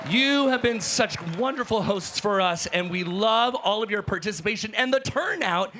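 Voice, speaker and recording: A man working as hype host on a convention show floor, enthusiastic and loud as he greets fans. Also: high voice, animated, normal speed, noisy background. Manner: enthusiastic, hype, shouting to crowd. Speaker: hype host, roaming reporter. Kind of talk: energetic crowd interviewing.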